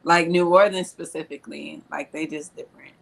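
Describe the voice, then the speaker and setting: A woman's voice: low voice, steady tone, brisk, creaky. A woman on a podcast panel chatting eagerly in casual conversation. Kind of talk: casual chat.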